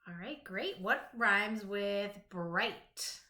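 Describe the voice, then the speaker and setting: A woman teaching a phonics lesson to young children, slowly sounding out rhymes, letters and words. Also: mid-range voice, animated, pushed and bright. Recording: echoey room.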